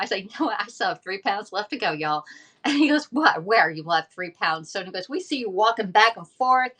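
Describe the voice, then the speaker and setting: A middle-aged woman with a drawl chats on a casual live stream. Her voice sits low but rings bright and forceful. She rambles through a long story and keeps breaking off to greet viewers. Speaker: livestream host.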